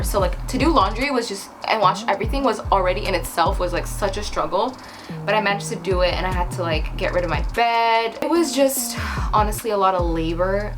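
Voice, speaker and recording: A young woman telling a casual storytime while doing her makeup, chatty and animated, with lots of "like". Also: medium pitch. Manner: chatty, heavy use of "like", animated retelling. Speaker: vlogger. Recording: background music.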